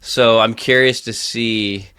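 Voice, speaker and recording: Guy on a podcast rambling about shows, laughs a lot, bright voice, dry close mic. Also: mid-range voice, steady tone, slow, smooth, dry recording. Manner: rambling, laughs often, many fillers and restarts. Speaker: podcast co-host. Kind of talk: casual pop-culture chat.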